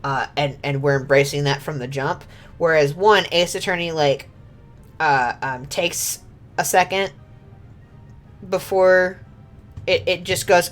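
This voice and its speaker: A woman's voice: sits low, a little slow, pauses often, faint music behind. A woman streamer chatting casually over gameplay, rambling with many filler words and frequent laughs.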